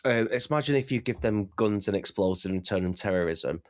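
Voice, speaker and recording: A young man chatting casually on a podcast, animated, laughing often and swearing freely. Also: fairly low pitch, brisk, no echo, clean studio sound. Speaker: vtuber guest.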